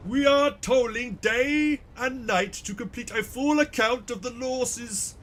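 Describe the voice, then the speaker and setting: A man voicing a weary male ship administrator in a game, speaking slowly and formally. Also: very high-pitched, a bit bright, a little hiss or hum, voice pushed up, exaggerated voice.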